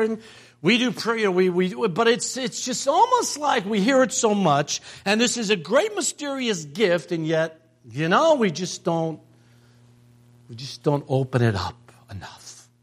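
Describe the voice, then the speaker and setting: A man's voice: high-pitched, expressive, unhurried, fairly bright tone. An older man preaching a sermon as a pastor. He tells stories, acts out family members' voices and repeats phrases for emphasis.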